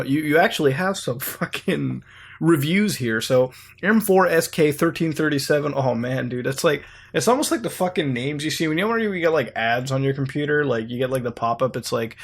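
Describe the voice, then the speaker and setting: A man hosting casual, rambling commentary while browsing websites, swearing freely. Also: mid-range voice. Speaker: host.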